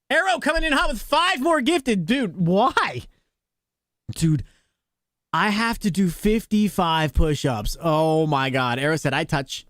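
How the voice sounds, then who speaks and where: Excitable, flustered male game streamer. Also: high voice, normal speed, dry recording, studio quality. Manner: excitable, flustered, joking, rambling. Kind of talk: live-stream chatter to chat.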